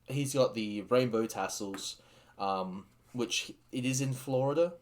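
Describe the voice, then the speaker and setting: A man hosting a casual wrestling recap, excitable and rambling with many fillers and restarts. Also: mid-range voice, unhurried. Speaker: podcast host reviewing a wrestling show.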